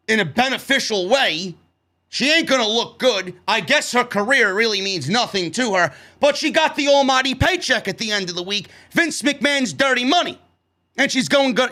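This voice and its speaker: A man with a high, bright and forceful voice delivers a profane, heated rant as he reviews a wrestling show. He swears constantly and drives every point home.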